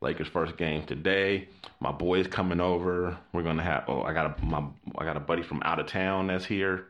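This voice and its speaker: A man's voice: sits low, normal speed, lo-fi sound. A man co-hosting a podcast in casual chat, telling stories with energy and steering the show into its topics. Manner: animated storyteller, leads into topics. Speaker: podcast co-host.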